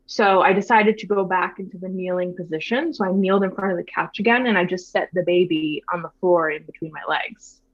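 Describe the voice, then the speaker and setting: A woman in her thirties telling her own birth story in a soft, reflective way, with lots of fillers and restarts. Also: lowish voice, steady tone, fairly quick, few pauses, dry recording. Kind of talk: casual personal storytelling. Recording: slightly dull, dry sound.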